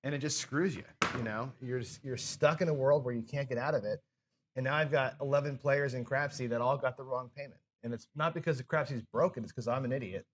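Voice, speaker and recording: A man's voice: mid-range voice, a little fast, a little hiss or hum. Exasperated man swearing at his own mistakes. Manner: swears and scolds himself over mistakes; frustrated, self-deprecating. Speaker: craps show host. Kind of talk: live casual chat while playing.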